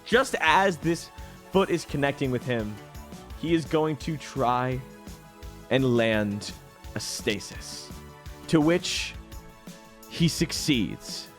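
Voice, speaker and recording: A man's voice: mid-range voice, lively intonation, slow pace, long pauses, soft background music. A young man narrating a tabletop game as game master, laughing often in a loose, profane way.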